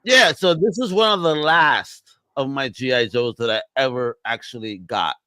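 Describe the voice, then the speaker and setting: A man co-hosting a podcast, chatting casually and excitably with plenty of swearing. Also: mid-range voice, moderate pace, no room sound. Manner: animated, profane, excitable. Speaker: podcast co-host. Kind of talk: casual chat.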